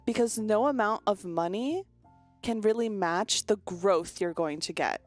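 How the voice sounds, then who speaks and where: A woman voicing an upbeat, salesy life coach who pitches a mentorship program in gushing sales patter. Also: a little slow, darkish tone, soft background music, lightly acted.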